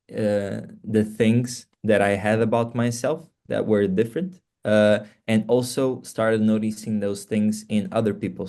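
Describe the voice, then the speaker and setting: A man's voice: fairly low pitch, dark tone. A young Portuguese man with a Portuguese accent, a singer chatting earnestly in an interview, with lots of fillers and restarts. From Portugal (Faro). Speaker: singer, guest. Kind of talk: casual interview chat.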